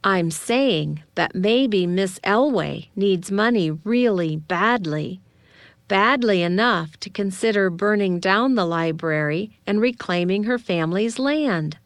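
Excited conspiratorial teen girl read by a woman; smooth, unhurried, dry. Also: medium pitch, no room sound. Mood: eager. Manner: eager, conspiratorial.

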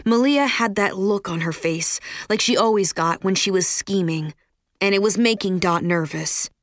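Woman audiobook narrator, mid-pitched, measured delivery, dry booth recording. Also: no echo. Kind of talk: scripted narration.

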